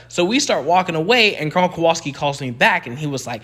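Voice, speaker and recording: A young man tells an old service story in a relaxed, chatty way. His voice sits a bit high and leaps around freely as he plays up the punchlines and quoted lines. The delivery is playful and animated throughout. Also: fast talker, hardly any pauses. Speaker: veteran storyteller. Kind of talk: casual spoken storytelling.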